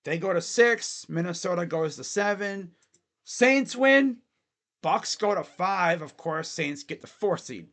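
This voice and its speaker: A man's voice: sits high, lively intonation, measured pace, a bit bright. A man hosting a casual sports fan livestream, rambling loosely and talking to his chat.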